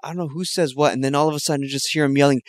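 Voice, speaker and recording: A man telling a story in casual chat, laughing often and mimicking people in a high voice. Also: fairly even intonation, very fast, dry recording.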